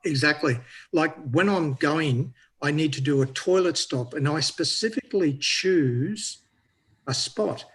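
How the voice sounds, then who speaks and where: Male caller, bit husky, slow playful storytelling, kinda high voice. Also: fairly bright tone. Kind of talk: casual chat.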